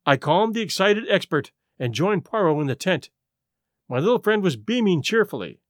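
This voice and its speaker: A man reading an audiobook as first-person narration in an expressive way. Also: sits high, moderate pace, dry recording, studio quality. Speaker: audiobook reader.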